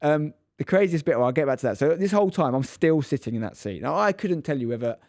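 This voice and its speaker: A man's voice: a little high, lively intonation, fast, darkish tone, no echo, clean studio sound. A man in his thirties, a podcast co-host, telling a story in casual chat and acting out the quotes with animation.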